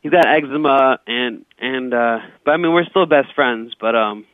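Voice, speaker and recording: A man's voice: mid-range voice, normal speed, no echo. Guy comic rambling and stuttering through stories, tinny phone-call sound. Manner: rambling, stammering restarts. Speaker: comedian guest. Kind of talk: casual comedic storytelling.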